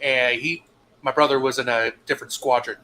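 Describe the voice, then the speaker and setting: A man's voice: mid-range voice, steady tone, a little fast, bright, forceful tone, slight background noise, rough recording. A young man co-hosting a casual stream, telling laid-back stories and swearing freely. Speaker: stream co-host. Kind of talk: casual storytelling chat.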